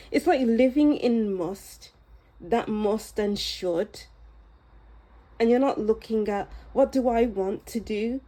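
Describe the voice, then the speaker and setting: Woman tarot reader with a soft, mellow voice who takes her time. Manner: soft, musing and unhurried, drifting into a low near-whisper. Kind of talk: pick-a-card tarot reading.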